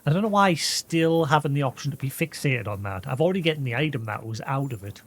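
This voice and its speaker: A man's voice: mid-range voice, animated, quick pace. A man with a Geordie accent chatting loosely on a live gaming stream, rambling with lots of "like" fillers and poking fun at himself. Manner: rambling and self-deprecating, with frequent "like" fillers. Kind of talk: casual live-stream chat while gaming.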